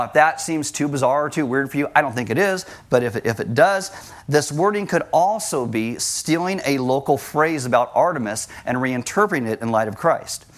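A man teaching a sermon, explaining scripture and its cultural background with rhetorical questions and emphatic repetition. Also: a little high. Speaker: preacher.

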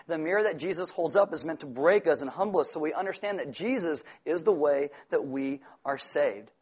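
Earnest preaching man, slightly high voice. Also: brisk, husky. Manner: earnest and emphatic, with sudden loud storytelling outbursts. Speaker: pastor. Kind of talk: sermon.

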